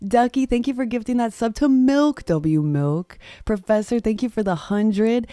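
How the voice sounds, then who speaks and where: A woman's voice: a little high, moderate pace, mellow, no room sound, clean studio sound. A woman streaming a cozy game live, gushing thanks to her viewers and laughing often.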